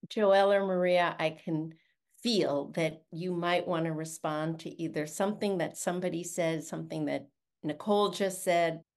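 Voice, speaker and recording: Gravelly low-voiced woman host. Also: steady tone, normal speed, darkish tone. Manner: reflective, guides the discussion. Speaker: podcast co-host. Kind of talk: casual chat.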